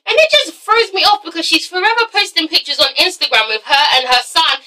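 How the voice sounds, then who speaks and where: A woman's voice: very high-pitched, lively intonation, fairly quick, hardly any pauses, bright, forceful tone, distant mic, rough recording. A young woman vlogger giving a sassy, swearing review of a reality show episode, mimicking the people in it. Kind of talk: casual ranting review.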